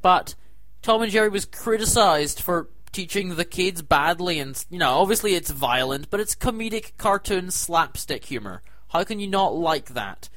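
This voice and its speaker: A man with a high, bright, sharp-edged voice rants with comic disbelief as host of his own segment. His voice is recorded dry and close, with no room sound around it. He keeps bursting into loud, incredulous protests. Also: lively intonation, normal speed, dry recording. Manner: exasperated, incredulous ranting with sudden loud outbursts. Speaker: comedy show host. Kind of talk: comic rant to camera.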